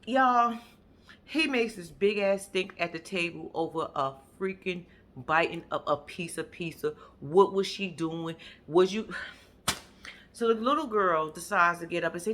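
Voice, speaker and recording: A woman, talking straight at her viewers in a loose, sassy recap rant. Her voice is bright and forceful, her pitch sits in the middle, and she swings from chatty asides to blunt, profane outbursts. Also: moderate pace. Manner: blunt, sassy, profane commentary with sudden loud bursts. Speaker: reality TV recap vlogger. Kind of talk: animated casual recap rant.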